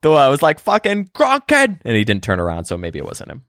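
Dude putting on a cocky boston bro, heavy accent, cussing, higher voice, dry sound. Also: male voice, wildly swooping pitch, fairly quick, fairly bright tone, dry recording. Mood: gossipy. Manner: cocky, swearing, calls everyone kid. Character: swaggering young male Boston bro.

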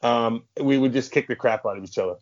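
A man's voice: medium pitch, quick pace. A man in his thirties from St. Louis, a former hockey player telling rambling, swear-filled stories as a podcast guest. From St. Louis, USA. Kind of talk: casual storytelling. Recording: muffled lo-fi podcast audio.

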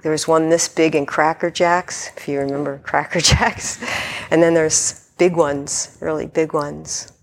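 A woman Zen teacher giving a measured, reflective dharma talk, reading a story and then musing on it. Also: sits low, steady tone. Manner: measured, reflective, with light laughs.

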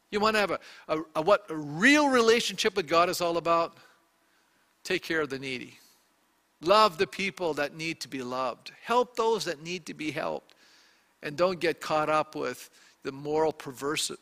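A man's voice: high voice, bright, forceful tone, long reverb tail. A male pastor preaching a sermon in a conversational way, putting rhetorical questions to the congregation.

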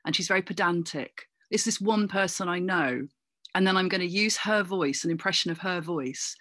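Chatty woman telling lively anecdotes. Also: on the low side, moderate pace, no echo, clean studio sound. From Cornwall, England. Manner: chatty, anecdotal, animated storytelling. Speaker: guest, actor and comedian. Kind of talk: casual interview chat.

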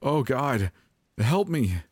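A man voicing a frightened young woman in a storybook horror reading, high and pleading. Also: lively intonation, moderate pace, dry recording, clean studio sound. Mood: terrified.

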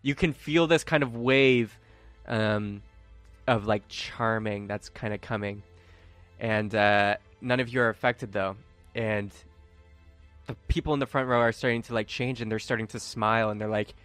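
Man running a tabletop game, casual narration, bright voice, dry close mic. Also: lowish voice, fairly even intonation, normal speed, dry recording, soft background music. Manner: casual, chatty narration with fillers. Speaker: game master.

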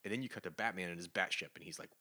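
A man co-hosting a comics podcast, recapping a story in a casual, animated way and acting out the characters' lines. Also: low-pitched, very fast. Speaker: podcast co-host. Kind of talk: casual comic review chat.

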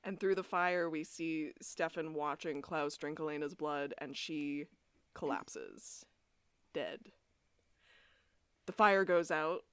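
Low-voiced woman podcast co-host. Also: slow pace, pauses often, clear, resonant tone, dry recording. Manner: animated, swears freely, acts out quotes. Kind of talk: casual chat recapping a TV episode.

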